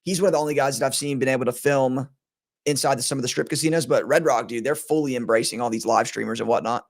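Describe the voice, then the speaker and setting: A man's voice: mid-range voice, fairly even intonation, fast, gravelly. A man hosting a sports betting podcast in casual chat, rambling and laughing often, his voice strained today.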